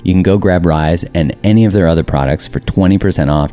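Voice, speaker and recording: A man's voice: deep voice, fast, hardly any pauses, dark tone. A man hosting a podcast, reading a sponsor message with enthusiasm. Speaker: podcast host. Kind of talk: read sponsor ad and interview.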